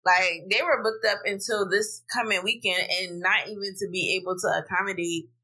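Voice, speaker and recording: A woman hosting a podcast, telling a story in casual chat, animated and blunt, swearing freely. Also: moderate pace, low-quality recording. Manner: animated, profane, vents with rising pitch. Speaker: podcast host. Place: home podcast setup while streaming live.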